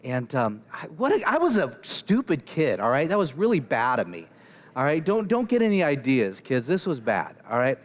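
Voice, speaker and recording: A young adult man preaching a sermon, telling a story with lively energy and acting out the dialogue of the people in it. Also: mid-range voice, normal speed. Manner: animated, acts out characters and dialogue. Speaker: pastor.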